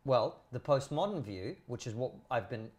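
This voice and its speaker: A male podcast guest with a mid-pitched voice. He speaks firmly and keeps pulling the conversation back to his main point. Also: lively intonation, normal speed, dull audio. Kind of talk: conversational argument.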